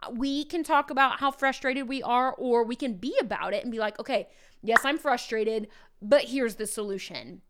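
Chatty woman podcast host, smooth voice. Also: a little high, moderate pace. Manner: chatty, conversational, speaks directly to listeners. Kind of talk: casual podcast monologue.

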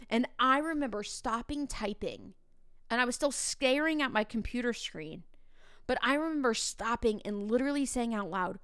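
A woman in her upper thirties tells a classroom story on a podcast, slipping into quoted dialogue with plenty of "like" and "um." Her voice is smooth and clear, recorded close and dry. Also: on the high side, normal speed, no room sound. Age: 30s. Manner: animated, acts out quoted dialogue, many fillers. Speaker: teacher and podcast host. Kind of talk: casual storytelling monologue.

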